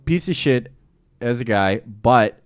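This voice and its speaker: A man who is a guest on a political podcast, talking casually in a mocking, excitable way and swearing often. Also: mid-range voice, slow pace.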